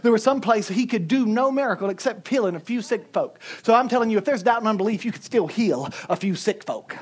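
Male preacher, animated and humorous, tells stories from the pulpit. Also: high voice, a little fast, slightly rough. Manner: animated, humorous storytelling with chuckles. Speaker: pastor. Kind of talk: sermon.

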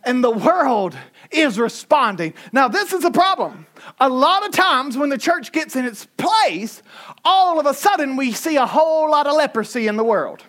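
A man preaching a sermon in a fiery style, often shouting with rising pitch, with a Southern American accent. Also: big pitch swings, moderate pace.

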